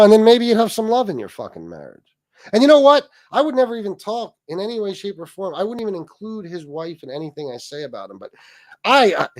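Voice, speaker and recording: In a high-pitched voice, this middle-aged livestreamer rants and ridicules a rival, swearing heavily and peppering in asides to viewers. The sound is studio quality with no echo.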